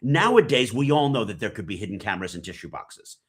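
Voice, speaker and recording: A man's voice: fairly low pitch, very animated, fast talker, husky. A man who hosts a podcast, giving emphatic interview commentary full of rhetorical questions. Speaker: podcast host as guest.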